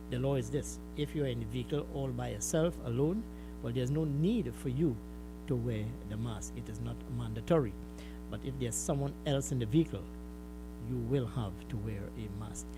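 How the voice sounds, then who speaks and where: A man's voice: medium pitch, normal speed, music in the background, low-quality recording. A man with a Trinidadian accent hosting a call-in radio show, stressing and repeating key points. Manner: emphatic, repeats key words to stress them.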